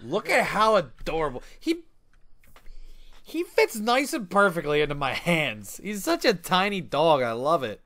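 Man, excitable gamer host, swooping bright voice, quick to laugh, casual slang. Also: a little high, no room sound. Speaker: YouTuber playing a life-sim game. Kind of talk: casual let's-play commentary.

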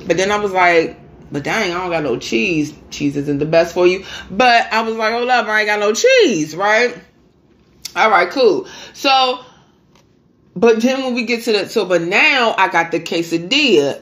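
A young woman, chatting casually as she eats for a live mukbang audience. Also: mid-range voice. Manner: chatty, talking while eating, playful and animated. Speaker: mukbang host.

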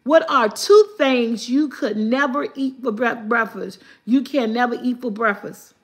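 A woman hosting a casual live stream, reading riddles from her chat aloud, repeating them slowly and laughing often. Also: on the high side.

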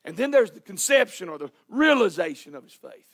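High-pitched preacher hollering. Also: male voice, very animated, brisk, fairly bright tone. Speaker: pastor. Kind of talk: sermon. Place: church sanctuary.

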